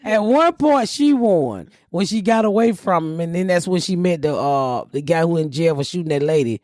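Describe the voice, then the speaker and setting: A woman's voice: fairly low pitch, lively intonation, normal speed, darkish tone, no room sound, studio quality. A middle-aged woman hosting a podcast, brash and profane, roasting her co-hosts between laughs in casual comedic chat. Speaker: podcast host.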